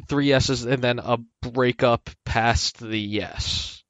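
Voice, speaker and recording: A man's voice: mid-range voice, steady tone, takes it slowly, a bit bright, no echo. A man co-hosting a podcast in casual chat, hesitant and laughing along. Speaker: podcast co-host.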